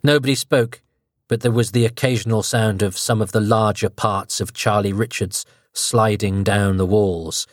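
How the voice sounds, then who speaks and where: Low-voiced male story narrator. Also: fairly even intonation, no echo, clean studio sound. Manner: measured, dramatic storytelling.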